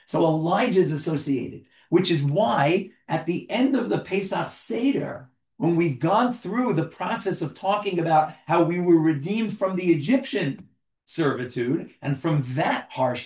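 A man's voice: a little high, lively intonation, normal speed, a little mellow, reverberant. A man leading an interactive class, who asks the group questions and jokes with them as he explains.

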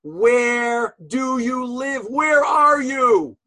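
A man voicing a pushy man who shouts questions at a new prisoner. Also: very high voice, animated, drawn-out words, pitched above the performer's own voice, exaggerated voice. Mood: insistent. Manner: shouting, insistent.

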